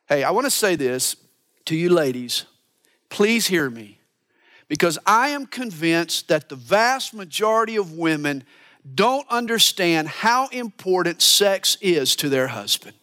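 A man preaching a sermon as a pastor, animated and earnest, dropping to hushed asides for emphasis. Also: a little high, measured pace. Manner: animated preaching, mimics voices for quotes.

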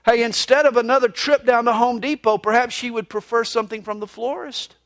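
Pastor guy, high voice, preaching earnestly with punchy emphasis. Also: fairly bright tone. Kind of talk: sermon.

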